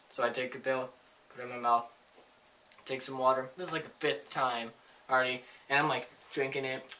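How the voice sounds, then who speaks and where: A man telling a funny personal story in a casual, animated, self-mocking way. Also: mid-range voice, normal speed, distant mic.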